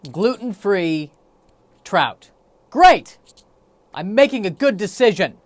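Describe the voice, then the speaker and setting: A man's voice: on the high side, animated, a little slow, fairly bright tone, no room sound. A man hosting a solo podcast, rambling in a wry, self-deprecating way. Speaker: podcast host. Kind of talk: solo comedic podcast monologue.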